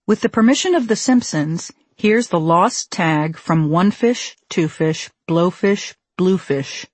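A woman reads her own memoir as an audiobook, wry and measured on a close microphone. Her voice is lowish, husky, and animated, with no room sound.

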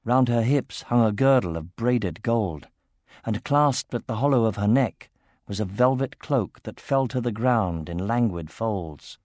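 A man narrating a fantasy novel in a steady, measured reading voice. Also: fairly low pitch, dry recording, clean studio sound.

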